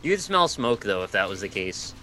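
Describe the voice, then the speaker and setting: Teasing man with a lively voice. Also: lowish voice, fairly quick, soft background music. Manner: teasing, goofy suggestions. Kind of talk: casual chat.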